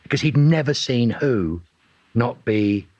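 A man, an actor being interviewed, telling animated stories and acting out what people said. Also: mid-range voice, unhurried, no room sound, lo-fi sound. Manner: animated, acts out quotes in voices. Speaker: actor guest. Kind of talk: casual interview storytelling.

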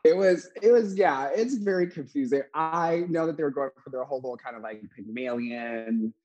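A man co-hosting a casual chat, bantering quickly, laughing often and tossing in playful asides. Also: fairly high pitch, a little mellow, muffled recording.

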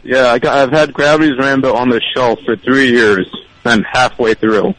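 An eager man on his first call to a radio show. His voice is mid-pitched and he talks quickly in bursts. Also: fairly even intonation, a bit bright, soft background music, low-quality recording. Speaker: caller. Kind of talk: phone-in chat.

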